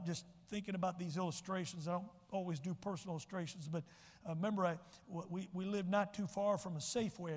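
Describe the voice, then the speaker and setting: High-voiced preacher in a reverberant sanctuary. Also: male voice, darkish tone. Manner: storytelling preacher, building to emphatic lines. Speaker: pastor. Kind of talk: sermon. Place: church sanctuary.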